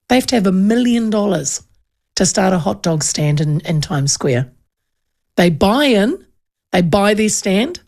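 Chatty gravelly New woman. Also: medium pitch, darkish tone. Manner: chatty, rambling storytelling with many restarts. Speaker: radio host. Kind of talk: casual chat.

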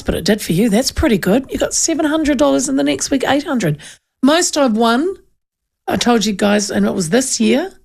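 A radio host with a New Zealand accent chats casually and reads out listener texts. She is a middle-aged woman with a slightly high, gravelly voice. She tells stories in a lively, animated way, with plenty of asides. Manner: chatty, animated storyteller with asides. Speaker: radio talk show host.

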